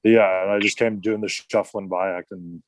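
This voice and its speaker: A man's voice: low-pitched, steady tone, moderate pace, no echo. A man, a former wrestler, telling casual stories as a podcast guest, full of "like" and restarts. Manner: rambling, heavy use of "like".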